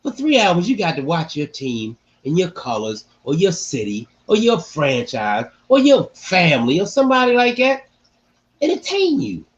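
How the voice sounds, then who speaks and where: Animated man hosting sports talk. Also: on the high side, normal speed, dull audio. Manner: animated, repeats phrases for emphasis. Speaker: podcast host.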